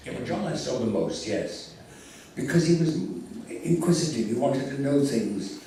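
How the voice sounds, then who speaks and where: An older man telling theatrical, animated anecdotes as a convention guest, recorded from far off in an echoey hall. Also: mid-range voice, moderate pace, slight background noise. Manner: theatrical, animated storyteller with laughs. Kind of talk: anecdotal storytelling.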